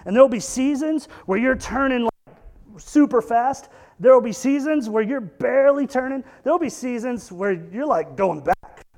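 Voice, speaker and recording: A man whose voice sits high preaches a conversational sermon as a pastor. He's animated, posing rhetorical questions and slipping in joking asides.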